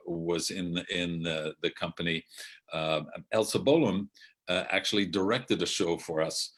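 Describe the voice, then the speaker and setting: A man's voice: low-pitched, fairly bright tone. An older man, a theatre director, telling rambling anecdotes with many self-corrections and asides. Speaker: outgoing theatre artistic director.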